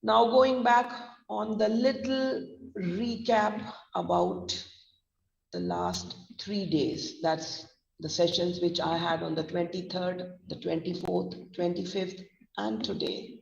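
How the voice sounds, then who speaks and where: A woman's voice: fairly low pitch, slow, creaky, a little mellow. A woman with an Indian English accent teaching pronunciation, spelling words letter by letter and explaining stress. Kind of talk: online lesson, spelling out words. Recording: dull distant roomy audio.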